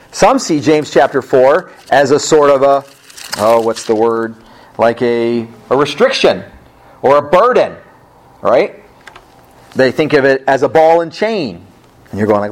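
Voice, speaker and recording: A male pastor preaching a sermon at a church service, emphatic, with rhetorical questions and casual asides. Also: medium pitch.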